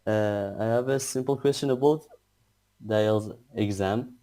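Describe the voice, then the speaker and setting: Halting male student on a poor webcam. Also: warm tone. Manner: halting, searching for words. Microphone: webcam on a video call. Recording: distant low-quality webcam audio.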